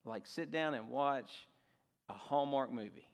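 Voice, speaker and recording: A man's voice: medium pitch, measured pace, big-room sound. A male pastor preaching a sermon, rising and dropping his voice for emphasis.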